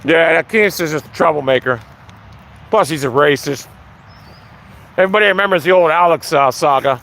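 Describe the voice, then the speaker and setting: A man's voice: fairly high pitch, fairly quick, creaky, a bit bright. A man talking casually on a live stream outdoors, ranting with lots of swearing. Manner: profane, ranting.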